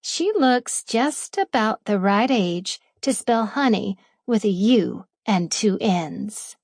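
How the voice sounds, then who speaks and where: A woman reading a first-person romance audiobook in a playful manner, lingering over the words with breathy asides. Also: mid-range voice, expressive, slow, darkish tone, no echo, studio quality. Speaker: audiobook narrator.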